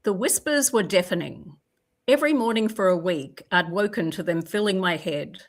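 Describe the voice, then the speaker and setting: Low-voiced chatty woman on a video call. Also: animated, moderate pace. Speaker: literary agent. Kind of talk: live video Q&A and reading aloud.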